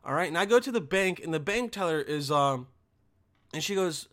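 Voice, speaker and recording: Bright-voiced young man ranting crudely. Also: moderate pace. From Bosnia. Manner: crude, exasperated ranting with sudden high-pitched outbursts. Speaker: comedian. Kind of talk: stand-up style ranting monologue.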